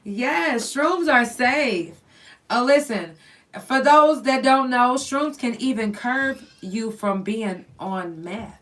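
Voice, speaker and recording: A woman hosting a podcast, telling stories in a blunt, profane, animated casual chat. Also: a little high, slow pace. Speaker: podcast host. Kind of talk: candid casual chat, storytelling. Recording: voice somewhat distant from the mic.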